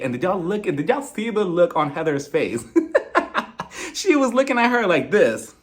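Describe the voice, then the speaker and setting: A man casually recapping a reality TV episode in a gossipy, animated way. His pitch swings widely as he acts out the quotes. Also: moderate pace.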